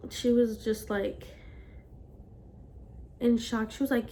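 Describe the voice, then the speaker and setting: A woman's voice: fairly high pitch, little pitch movement, slow pace, pauses often, mellow. Chatty young woman rambling, fillers everywhere. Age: young adult. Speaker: vlogger. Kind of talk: casual storytime vlog.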